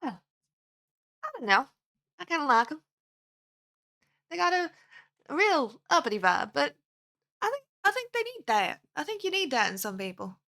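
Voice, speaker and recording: A woman describing her character during a tabletop game, chatty and quick to laugh. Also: high voice, big pitch swings, creaky, bright, forceful tone. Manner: giggly, chatty, laughs a lot. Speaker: player and channel host. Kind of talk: casual tabletop play.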